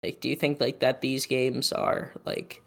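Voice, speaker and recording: This co-host talks casually on a podcast at a mid-range pitch. The talk wanders and leans on "like" fillers, with frequent restarts and self-corrections. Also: little pitch movement, a little slow, creaky. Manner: rambling, with many "like" fillers and restarts. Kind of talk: casual chat.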